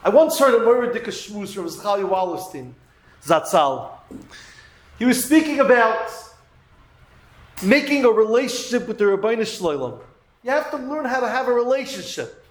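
A man's voice: high voice, very animated, moderate pace, long pauses, reverberant, low-quality recording. A man giving a Torah lesson, earnestly telling a story and weaving Hebrew terms into his talk. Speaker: Torah teacher.

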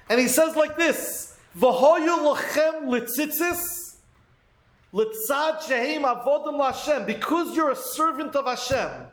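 High-voiced man teaching in an echoey room. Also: fairly bright tone. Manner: earnest storytelling with Hebrew terms woven in. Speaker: Torah teacher. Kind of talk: Torah lesson sermon.

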